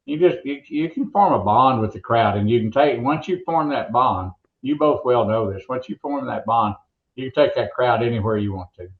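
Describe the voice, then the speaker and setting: An older man tells rambling, folksy stories with plenty of restarts. His voice sits at an ordinary pitch and arrives through a roomy, echoey space. The sound is dull and muffled, as on a remote call. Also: lively intonation, normal speed. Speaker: veteran monster truck announcer, guest. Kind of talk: casual interview storytelling.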